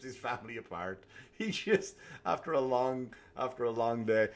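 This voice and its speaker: A man hosting a comedy podcast, ranting alone in a profane, animated way. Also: mid-range voice, normal speed. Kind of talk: solo comedic rant.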